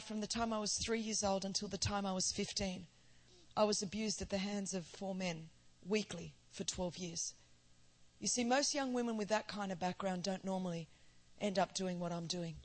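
A woman in her forties with an Australian accent, preaching a sermon that tells her own story and builds to emphatic declarations. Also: mid-range voice. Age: 40s. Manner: storytelling, rising to emphatic proclamation. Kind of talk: sermon testimony.

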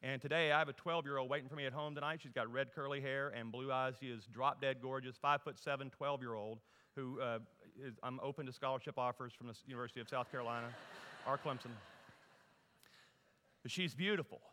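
A middle-aged man from Louisiana, preaching a humorous storytelling sermon that moves from loud to hushed. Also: mid-range voice, fairly quick. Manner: animated, humorous, folksy, shifts from loud to hushed. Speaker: guest preacher. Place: church sanctuary. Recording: long reverb in a large hall.

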